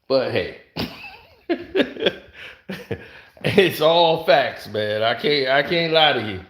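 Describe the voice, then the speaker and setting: A man casually telling stories to camera, animated, laughing often and acting out other people's lines. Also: medium pitch. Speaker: host. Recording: roomy echo.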